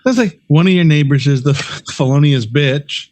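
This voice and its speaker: A man's voice: a little high, normal speed, darkish tone, no echo. Joking man on a casual podcast. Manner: joking, laughs often. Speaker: podcast co-host. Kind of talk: casual comedic chat.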